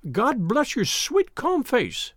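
A man voicing a frightened, hysterical old female housekeeper in an audiobook, high and pleading. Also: big pitch swings, moderate pace, no room sound, clean studio sound. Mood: distressed.

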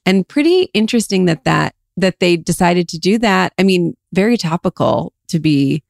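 A woman's voice: on the low side, lively intonation, normal speed, vocal fry, no echo, clean studio sound. A woman co-hosting a podcast, casually rambling through a retelling with lots of filler words. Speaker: podcast co-host. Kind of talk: casual chat.

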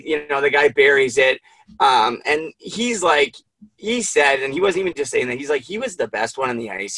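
A man's voice: mid-range voice, gravelly, a bit bright, breathy edge, dry recording, low-quality recording. A man hosting a casual interview, emotional and rambling, swearing freely. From Canada. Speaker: podcast host.

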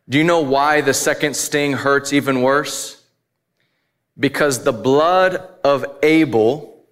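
A man's voice: mid-range voice, fairly bright tone. A married man preaching a sermon, telling a personal story candidly and building to emphatic points. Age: adult, married. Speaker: pastor.

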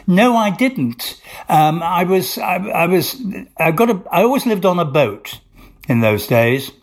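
A man's voice: high voice, sing-song, a little slow. An older male actor being interviewed, telling long rambling stories with restarts and acted-out dialogue. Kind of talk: anecdotal interview storytelling.

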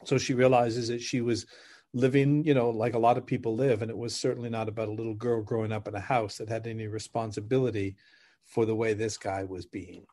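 A middle-aged man, a podcast guest who coaches couples, telling stories in lively conversation, laughing and acting out dialogue as he explains. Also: on the low side, brisk. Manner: animated, laughs while explaining, acts out dialogue. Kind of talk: conversational storytelling.

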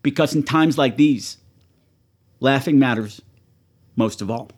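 A man's voice: mid-range voice, unhurried, husky. A man hosting a horror movie show, talking casually and profanely to his viewers and shrieking in mock panic.

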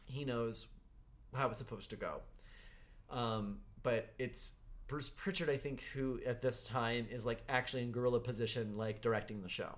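A man's voice: mid-range voice, fairly even intonation, moderate pace. Man retelling a story casually. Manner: recounts stories with quoted dialogue. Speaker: podcast host.

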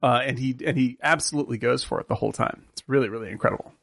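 Gravelly, rambling man riffing on movies. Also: mid-range voice, very fast, fairly bright tone, dry recording, studio quality. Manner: rambling, jokey, many fillers. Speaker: podcast co-host. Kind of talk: casual movie review chat.

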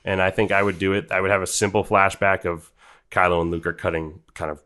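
Deep-voiced man picking apart a film. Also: little pitch movement, a little fast, sharp tone. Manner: analytical, rambling with fillers and restarts. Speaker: podcast co-host. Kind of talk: casual film discussion.

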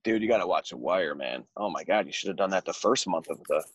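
Casting: American male podcast co-host, low-ish voice, very animated delivery, dry close sound. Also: fast, husky, no room sound. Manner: animated, laughs often, chatty and joking. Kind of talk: casual chat.

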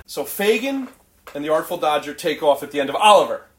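A man co-hosting a casual podcast who jumps in with eager agreement. His voice sits a little high, and the room adds a noticeable echo around him. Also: animated, fairly bright tone. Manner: enthusiastic, quick agreement. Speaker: podcast co-host. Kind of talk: casual chat. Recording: roomy echo.

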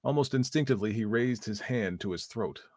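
A man reading a story aloud as narrator in a measured, even manner. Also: fairly low pitch, no room sound, clean studio sound.

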